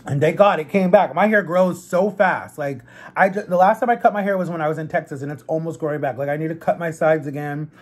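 Young male vlogger, husky and slightly high, casual animated storyteller talking to camera. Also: fast. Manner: chatty, animated retelling with quoted voices. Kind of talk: casual storytelling while eating.

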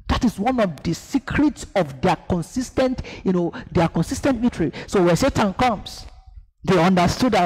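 A man's voice: very high voice, animated, normal speed, a little mellow. A man preaching a sermon, emphatic, asking the congregation to repeat after him and acting out scenes. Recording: echoey hall.

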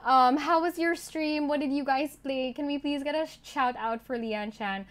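A woman streaming a game live, excitable and giggly, shaky and overwhelmed as she thanks her chat. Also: high-pitched, normal speed. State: shaky and overwhelmed, near tears.

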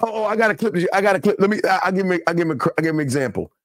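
A man hosting a casual talk show, animated and preachy, often repeating himself. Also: high voice, rapid-fire, no echo, clean studio sound. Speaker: podcast host.

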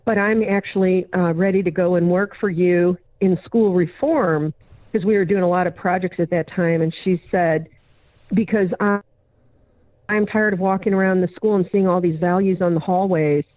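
A woman's voice: on the low side, fairly even intonation, moderate pace, dry recording. A woman guest on a podcast, telling a story in conversation and acting out both sides of a dialogue. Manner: acts out both sides of a dialogue, plays each remembered voice. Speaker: podcast guest, educator and consultant. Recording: narrow, phone-like audio of a remote interview.

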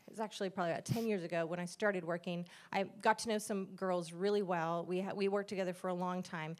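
A woman's voice: lowish voice, steady tone, quick pace, darkish tone. A middle-aged woman, a pastor's wife, giving an earnest, conversational testimony at church and acting out the dialogue she quotes.

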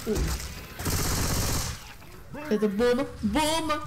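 A young woman chats casually while gaming with friends, firing off quick exclamations and repeating herself. Her voice sits a little high, with clear background noise under it. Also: animated. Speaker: gaming co-player. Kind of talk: casual gameplay chat.

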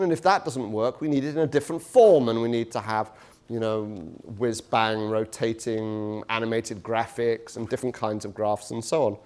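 A man's voice: medium pitch, a little mellow. A middle-aged man giving a university lecture in a conversational, self-deprecating way, with many fillers and restarts. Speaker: guest lecturer. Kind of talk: public lecture. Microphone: touchy handheld mic.

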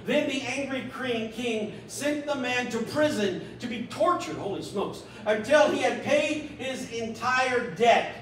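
Male pastor, animated sermon delivery, high-pitched voice, echoey church recorded from a distance. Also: unhurried, hardly any pauses, a little hiss or hum. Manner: animated, acts out a scripture story in little voices.

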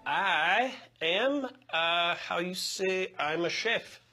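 An actor playing an eager, awkward French Canadian chef who speaks halting English with French words mixed in. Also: male voice, sits high, expressive, bright, forceful tone, faint music behind, heavily acted. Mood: hesitant. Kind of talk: sitcom acting.

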